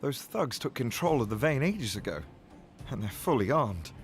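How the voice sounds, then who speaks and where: A man's voice: mid-range voice, big pitch swings, moderate pace, soft background music. An actor with a British accent playing a weary, sleepy young male miner in a video game, in a drowsy, rambling manner.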